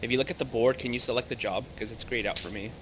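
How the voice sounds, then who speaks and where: A man playing a ghost-hunting game with friends on voice chat, excitable and jumpy, swearing when startled. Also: mid-range voice, fast, slight background noise. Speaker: player in a streamed game. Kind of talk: casual gaming voice chat.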